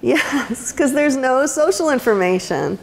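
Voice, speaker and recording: A woman's voice: sits high, lively intonation, measured pace, creaky, a little hiss or hum. A woman giving a conversational lecture as an autism educator, with frequent ums and restarts. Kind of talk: university lecture talk. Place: lecture room.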